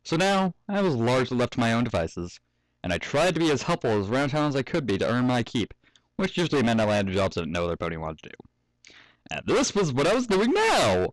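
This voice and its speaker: In this casual fanfic reading at home, a young man frequently stops to joke around, swear and laugh. He has a mid-range voice with big pitch swings and a quick pace. There's no room sound, but the audio is poor.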